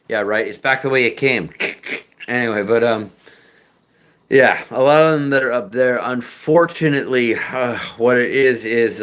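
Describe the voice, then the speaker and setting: A man's voice: lowish voice, a bit bright, clean tone. A man chatting casually with viewers, rambling and profane, with frequent fillers, restarts and laughs. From United States. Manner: rambling, profane, self-deprecating, many fillers.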